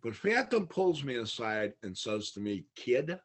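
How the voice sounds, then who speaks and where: Husky man telling biker stories. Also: fairly low pitch, very animated, moderate pace. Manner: rambling, laughs often, acts out quotes. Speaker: podcast guest. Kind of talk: casual storytelling chat.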